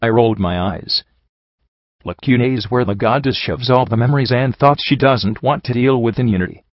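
A man narrating a fan fiction audiobook in a steady, even storytelling manner. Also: medium pitch, moderate pace, dry recording. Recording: dull dry recording.

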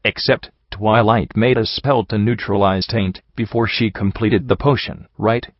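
Low-voiced man reading a story. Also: no room sound. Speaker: audiobook narrator. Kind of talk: first-person story reading. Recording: dull lo-fi, dry.

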